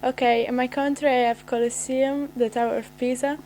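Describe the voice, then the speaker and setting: A woman's voice: high-pitched, level tone, brisk, darkish tone, a little hiss or hum, poor audio. A teenage girl from Italy introduces herself to pen pals in a playful way. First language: Italian. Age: teens. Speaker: exchange student.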